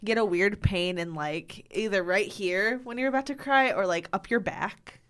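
A woman's voice: medium pitch, normal speed, fairly bright tone, clear, resonant tone. A young woman co-hosting a podcast, chatting casually and rambling with fillers and giggles. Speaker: podcast co-host. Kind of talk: casual chat.

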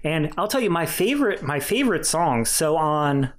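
A man's voice: on the high side, big pitch swings, moderate pace. A young man co-hosting a podcast, giving candid, rambling opinions in casual chat. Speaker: podcast co-host.

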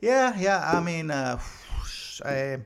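A man's voice: on the high side, very animated, slow, a bit bright, slight background noise, voice pushed up, heavily acted. A man voicing laid-back, offhand Norwegians personified as a nation, hesitant and casual.

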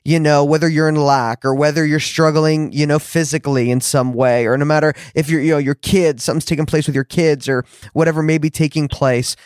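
Encouraging male podcast host, earnest and casual, slightly higher voice with a dry, close sound. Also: steady tone, fairly quick, few pauses, a little mellow, clean tone, no room sound. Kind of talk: podcast interview, leading into prayer.

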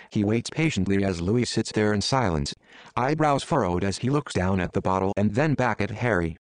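A man reading a fan fiction story aloud in a steady narrating voice. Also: fairly low pitch, no echo. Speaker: story reader.

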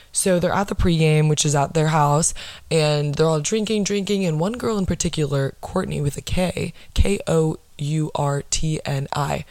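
A woman vlogger telling a story in a blunt, profane, excitable way, casually recapping a show. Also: low voice, dry recording.

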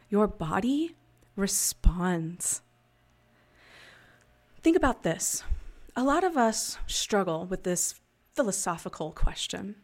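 A woman's voice: a little high, a little mellow. A woman in her thirties hosting a casual podcast, talking candidly with frequent swearing and laughter, and guiding listeners through breathing exercises. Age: 30s. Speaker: podcast host and life coach. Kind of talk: casual confessional podcast talk.

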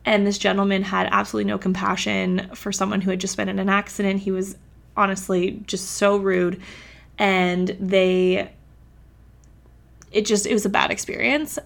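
A woman's voice: mid-range voice, creaky. A woman vlogger telling a personal story in a chatty, casual way, with lots of "like". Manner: chatty, uses "like" a lot.

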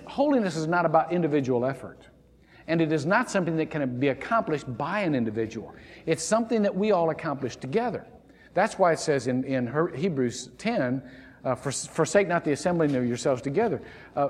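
Animated preaching man in a church hall. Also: fairly high pitch, breathy edge. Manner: animated preaching, frequent restarts and stammers. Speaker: pastor. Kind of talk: sermon. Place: church sanctuary.

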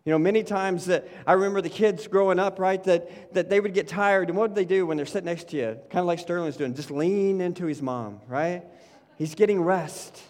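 Pastor, man, high voice; casual sermon full of "you know", big reverberant church. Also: a little fast, a little mellow. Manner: conversational, repeats words, says "you know" and "right" often. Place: church sanctuary.

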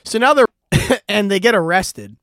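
Laughing, rambling man with a higher voice. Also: animated, normal speed, a bit bright, no echo, clean studio sound. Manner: rambling plot recap, laughing often, frequent swearing. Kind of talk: casual chat.

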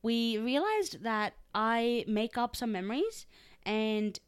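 A woman's voice: on the high side, big pitch swings, slow pace, clean tone. A young woman co-hosting a podcast, chatting casually and animatedly, laughing often. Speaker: podcast co-host. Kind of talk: casual chat.

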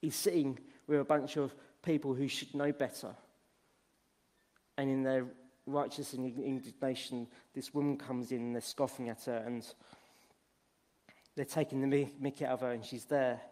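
A man's voice: medium pitch, a little mellow, long reverb tail. A man preaching a sermon, earnest and storytelling, often restarting his phrases. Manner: earnest, restarts phrases while retelling stories.

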